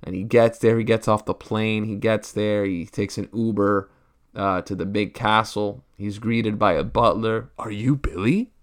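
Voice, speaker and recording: A man's voice: lowish voice, level tone, unhurried, clean tone. A man in a profane stand-up rant, rambling and crude, peppering his talk with rhetorical asides. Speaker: comedian.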